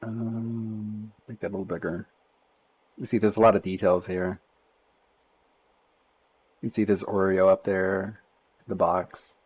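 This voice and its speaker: A lowish male voice with a sarcastic, mocking edge as he reacts to posts on a live stream. He keeps a casual commentary going and breaks into laughs between remarks. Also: little pitch movement, unhurried, pauses often, darkish tone, breathy edge, rough recording.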